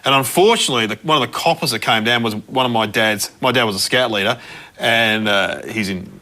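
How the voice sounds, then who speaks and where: A man's voice: medium pitch, a little fast, pushed and bright. A man, a comedian on a panel show, telling comic anecdotes and laughing through them. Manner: laughs through his own stories. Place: TV studio with live audience.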